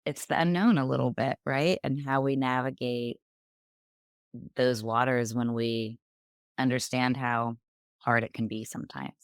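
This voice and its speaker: A middle-aged woman, a podcast guest, telling personal stories in an animated way and acting out quoted dialogue. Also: rumbling low, measured pace, clean tone, no room sound, clean studio sound. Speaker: guest, author and business owner. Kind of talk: conversational storytelling.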